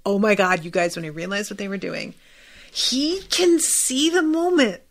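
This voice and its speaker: A young adult woman hosting a podcast, chatting excitedly about a TV episode, swearing freely and leaning on lots of "like" fillers. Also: medium pitch, moderate pace. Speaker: podcast host. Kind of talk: casual commentary on a TV episode.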